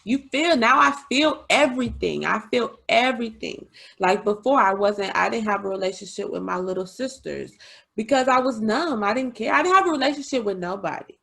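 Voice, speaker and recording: A woman hosting a casual podcast chat, confiding and chatty, often laughing and adding quick asides. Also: fairly high pitch, lively intonation, gravelly, a bit bright. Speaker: podcast host.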